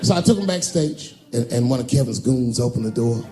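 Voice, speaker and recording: A middle-aged male stand-up comic tells a profane story in a lively voice that jumps up and down in pitch. The sound is roomy and echoey, with faint music in the background. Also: brisk, few pauses. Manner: animated, profane, acts out quoted voices. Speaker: stand-up comedian. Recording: live stage recording, roomy echo, faint music.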